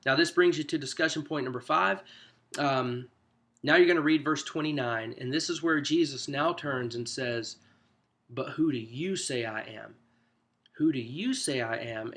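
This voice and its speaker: A man's voice: fairly high pitch, a bit bright. A man, a pastor, coaching small group leaders through a discussion guide in a loose, conversational teaching manner. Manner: conversational, loose, with frequent "you know" asides. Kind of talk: informal teaching walkthrough.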